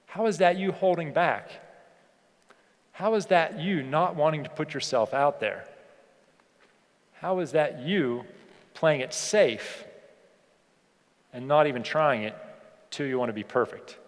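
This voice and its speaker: A man giving a motivational keynote speech to an audience. He asks them rhetorical questions and slows down to stress key points. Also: a little high. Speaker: keynote speaker. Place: large hall on stage. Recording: long hall reverb.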